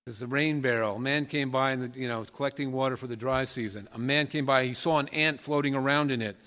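A man's voice: mid-range voice, brisk, hardly any pauses, bright, forceful tone. A man preaching a conversational sermon as pastor, often asking the congregation direct questions. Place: church sanctuary. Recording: long reverb of a large hall.

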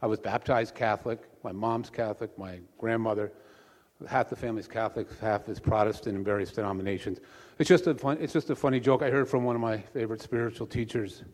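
A man preaching as pastor, a relaxed conversational storyteller. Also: on the low side, fast. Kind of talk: sermon with a joke. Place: church sanctuary. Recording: long church reverb.

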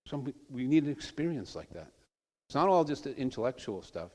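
A man giving an informal sermon, telling stories in a conversational way with soft trailing asides. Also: medium pitch, sing-song, a little fast, long reverb tail. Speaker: preacher.

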